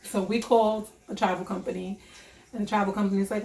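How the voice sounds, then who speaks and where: A young woman vlogger telling a story in a casual storytime vlog, animated, profane and emphatic. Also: medium pitch, quick pace, creaky, reverberant.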